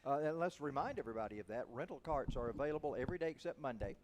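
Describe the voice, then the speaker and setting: A man's voice: mid-range voice, expressive, racing, noisy background. A man in his seventies hosting a show, chatting casually and laughing often with his guest. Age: 70s. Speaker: host. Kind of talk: casual broadcast chat.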